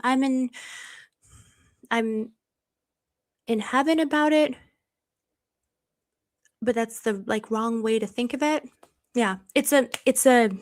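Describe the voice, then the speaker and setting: A woman hosting a live stream, chatting casually and reading viewer comments in a bubbly, effusive way, laughing often and rambling with many restarts. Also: fairly high pitch.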